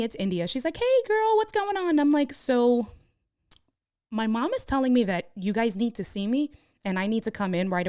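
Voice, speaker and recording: Animated woman telling a story on stream. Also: dry recording, studio quality. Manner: animated, acts out quoted voices with jumps in pitch. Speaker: live streamer. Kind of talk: casual storytelling to a live stream audience.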